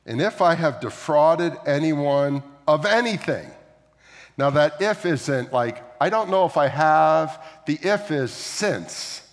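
A man preaching a sermon as a pastor, talking through scripture in a conversational way, with frequent asides and questions to the listeners. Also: on the high side. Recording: long hall reverb.

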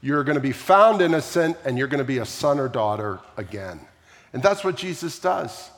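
A man's voice: mid-range voice, lively intonation, normal speed. Man, pastor, sermon, storytelling, asks the congregation questions, reverberant church hall. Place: large church sanctuary.

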